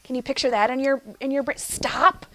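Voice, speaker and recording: A young adult woman teaching a phonics lesson to young children in an animated, sing-song teacher voice. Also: high voice. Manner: animated, sing-song teacher voice, slows for chanted poem lines.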